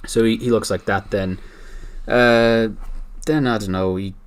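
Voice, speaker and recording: A man's voice: fairly low pitch, fairly even intonation, unhurried, clear, resonant tone. A man hosting a casual podcast, animatedly retelling a story and laughing often. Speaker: podcast host.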